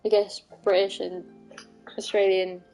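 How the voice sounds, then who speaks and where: A woman's voice: medium pitch, flat delivery, a little slow, darkish tone, faint music behind, poor audio. A young woman streaming, chatting casually and rambling, with frequent restarts and casual swearing. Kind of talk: casual live-stream chat.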